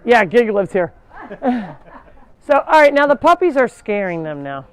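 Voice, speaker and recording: A woman's voice: a little high, big pitch swings, measured pace, pauses often. A woman hosting a casual live tour of an animal sanctuary, chatting and breaking off to call animals over. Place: outdoors at a farm.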